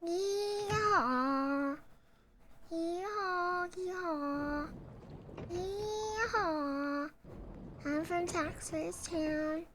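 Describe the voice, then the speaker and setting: A woman's voice: high-pitched, a little mellow, slight background noise. A woman streamer putting on a silly voice as a goofy Texan farm character. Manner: slow, sing-song and silly.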